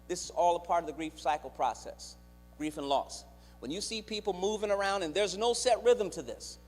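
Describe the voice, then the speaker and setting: A man with a high voice teaches a church congregation, calling on the listeners to answer and repeat words back. His voice rings with long reverb through the church hall of a live stream. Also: normal speed. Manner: engages the audience directly, acts out quoted voices. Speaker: clinician giving a teaching at church. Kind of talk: church teaching with call-and-response. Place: church sanctuary.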